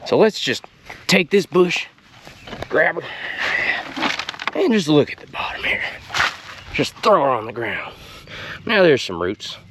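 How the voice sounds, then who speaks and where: Folksy man, noisy outdoor yard. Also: mid-range voice. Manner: folksy, drawling, deadpan innuendo. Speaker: gardening show host. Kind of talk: comedic gardening tutorial.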